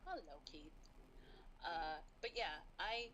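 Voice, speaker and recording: A woman's voice: on the low side, animated, slow, fairly bright tone, poor audio. A woman calling into a livestream, speaking hesitantly in a casual chat. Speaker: caller on livestream.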